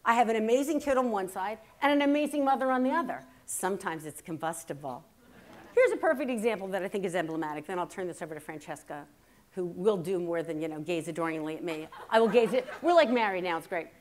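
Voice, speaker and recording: A woman's voice: lowish voice, lively intonation, fast. A woman in her fifties giving a humorous keynote talk, telling family stories and acting out the quotes. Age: 50s. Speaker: keynote speaker. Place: conference hall before a live audience.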